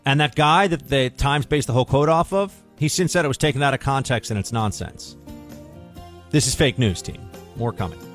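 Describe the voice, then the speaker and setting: A man's voice: mid-range voice, normal speed, music in the background. A male talk radio host giving a sarcastic, indignant political monologue in punchy bursts.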